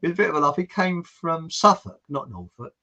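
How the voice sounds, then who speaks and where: A man from England with a bright, ringing voice that sits a little high. He hosts a relaxed podcast conversation, telling long rambling stories and laughing his way through them. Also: a little fast, muffled recording. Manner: chatty storyteller, laughs often, rambling anecdotes. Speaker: podcast host. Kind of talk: casual chat.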